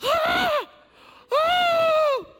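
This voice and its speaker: A man voicing a frantic young servant girl who shrieks and yells in breathless joy. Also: very high voice, very slow, very noisy, voice pushed up, full character voice. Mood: ecstatic. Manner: shrieking, yelling excitedly. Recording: long church hall reverb.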